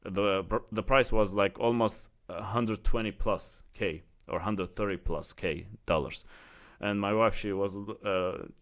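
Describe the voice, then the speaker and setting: A fairly low-pitched male vlogger with an Emirati accent, from the United Arab Emirates, tells a casual but heated story, leaning heavily on "like" and "you know." He sounds unhurried, with fairly even intonation.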